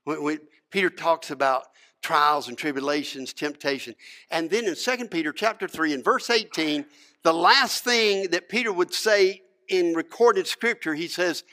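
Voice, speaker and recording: A pastor preaching a sermon, telling a story with animated acted-out moments and dropping to a hushed tone to reflect. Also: male voice, fairly high pitch, unhurried.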